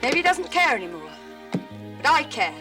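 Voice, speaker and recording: A woman's voice: high voice, big pitch swings, normal speed, distant mic. An actress playing a stubborn woman defending her plantation home, speaking earnestly in a film clip. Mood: determined. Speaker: film character. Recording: film clip from afar with music.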